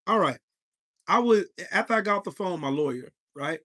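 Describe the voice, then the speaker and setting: A man in his forties hosts a live podcast and tells a heated story full of profanity, breaking off to greet his chat. His voice sits a bit higher than most men's. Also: animated, fairly quick, pushed and bright. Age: 40s. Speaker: podcast host.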